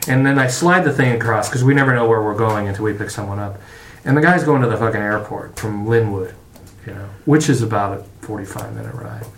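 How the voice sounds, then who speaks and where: A middle-aged man, a podcast guest, talking casually in a halting, profane way with many restarts. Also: on the low side, a little hiss or hum. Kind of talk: casual conversation. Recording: roomy echo.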